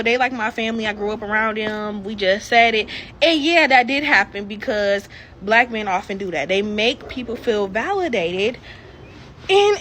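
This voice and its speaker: Woman, indignant commentary, fairly high voice, clear background hiss. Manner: indignant, incredulous, storytelling. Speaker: social media commentator. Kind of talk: commentary monologue.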